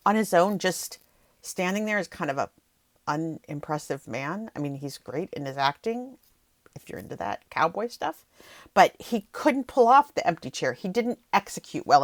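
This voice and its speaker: A woman's voice: sits low, no room sound, studio quality. A woman hosting her own podcast, chatting casually about political history with wry jokes and asides. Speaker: podcast host; rhetorician. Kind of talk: casual solo podcast commentary.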